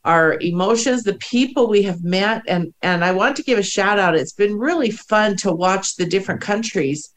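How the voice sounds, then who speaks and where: A woman's voice: mid-range voice, moderate pace, few pauses. A middle-aged woman co-hosting a spiritual podcast, emotional and teary, laughing often and restarting her sentences. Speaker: podcast co-host. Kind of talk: casual spiritual podcast chat.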